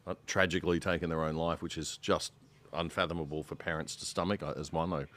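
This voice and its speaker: A man's voice: extremely low pitch, steady tone, fast, fairly bright tone. A man speaking as a guest commentator on a podcast panel, emphatic and indignant as he argues his point. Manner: emphatic, rising into exasperated indignation. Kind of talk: casual panel discussion.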